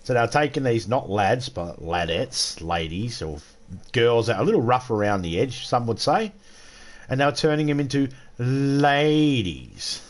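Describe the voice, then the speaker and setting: A man's voice: mid-range voice, big pitch swings, measured pace. A man with an Australian accent, streaming a game and ranting crudely with lots of swearing. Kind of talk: casual gaming livestream rant.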